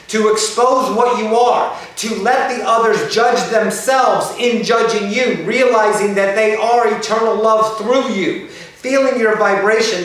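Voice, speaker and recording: A woman voicing a channeled otherworldly spirit, preaching in slow, repeated, incantatory fragments during a spiritual channeling session. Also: medium pitch, fairly bright tone, natural voice. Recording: very echoey room, distant mic.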